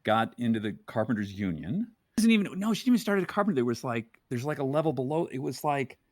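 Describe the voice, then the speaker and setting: Man, podcast guest, casual talk, lively pitch, lots of "you know", dry mic. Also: fast, no echo. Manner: animated, loose, lots of fillers like "you know" and "like". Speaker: podcast guest, photographer and speaker. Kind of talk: casual conversation.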